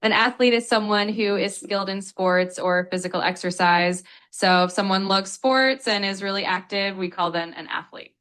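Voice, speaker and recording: A woman's voice: medium pitch, normal speed, few pauses, a bit bright. A woman's voice acting as an English tutor, explaining word meanings in a polite, upbeat, patient way.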